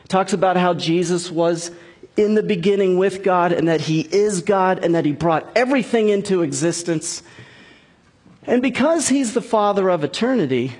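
A man's voice: high voice, moderate pace, a little mellow, slightly rough. A man preaching a conversational sermon as a pastor, explaining scripture with frequent restarts and asides.

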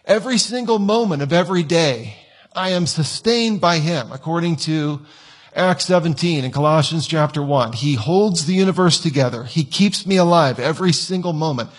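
A man's voice: on the high side, normal speed, husky. A male pastor preaching a conversational sermon in church, now and then acting out whiny quoted voices.

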